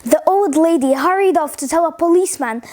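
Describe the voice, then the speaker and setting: A woman reading a funny children's story aloud in an expressive, playful way. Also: extremely high pitch, a little fast.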